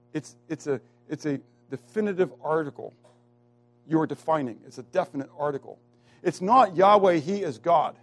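A man preaching with a voice pitched a little above most men's. He draws the congregation in with questions, leans hard on key words with deliberate slowness, and drops from near-shouts to hushed, low asides. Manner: asks the congregation questions and waits for answers; swings from loud emphatic lines to hushed low asides. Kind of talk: sermon.

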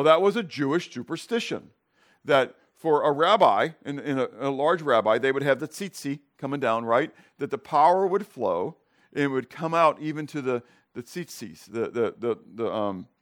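A man's voice: medium pitch, expressive, moderate pace, fairly bright tone. A man teaching a casual Bible class, checking in with "okay?" and "right?" and acting out scenes for his students. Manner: asks the class questions and acts out scenes.

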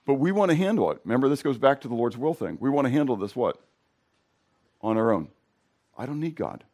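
A middle-aged male pastor with a hoarse voice, preaching in a casual, conversational way and questioning his congregation. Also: lowish voice, dark tone. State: hoarse from sinus drainage. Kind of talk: sermon.

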